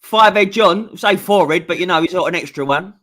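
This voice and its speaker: A man in a casual football chat, with a high, bright voice. He rambles easily, piles on fillers and keeps a chatty flow. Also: fairly quick. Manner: chatty, rambling, laughs a lot. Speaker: co-host.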